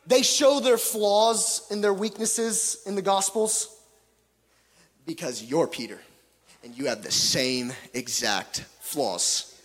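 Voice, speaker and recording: A man preaching a sermon with passion, swinging from loud pleading to hushed tones, with joking asides. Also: high-pitched. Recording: long hall reverb.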